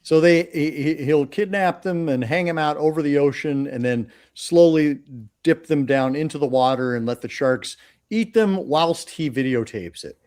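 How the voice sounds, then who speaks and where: A man hosting a casual horror movie podcast, chatty and explaining plots with quick asides. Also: a little high, a little mellow. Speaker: podcast host. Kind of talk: casual chat.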